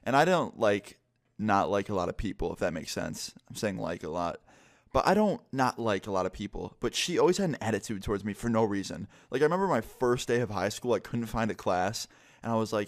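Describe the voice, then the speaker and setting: Young male vlogger, slightly low voice, casual profane storyteller. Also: lively intonation, brisk.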